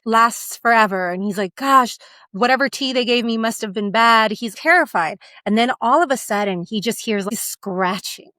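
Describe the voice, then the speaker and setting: A woman co-hosting a podcast, retelling a book's plot in a lively, dramatic way and slipping into the characters' voices. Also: mid-range voice, no room sound. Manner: lively storytelling that acts out the scenes. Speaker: podcast co-host. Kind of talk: casual book discussion.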